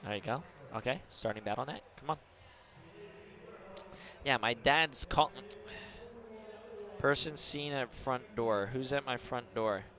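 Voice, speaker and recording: A man's voice: medium pitch, a little slow, pauses often, crowd noise. A man streaming live, chatting casually to viewers while he mutters through setting up his computer.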